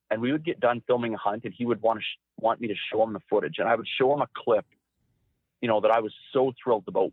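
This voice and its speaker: A man recounting hunting stories as an interview guest, animated and acting out quotes in a raised voice. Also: on the low side, no echo. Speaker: guest, former hunting cameraman. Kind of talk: storytelling interview. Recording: dry, phone-like narrow sound.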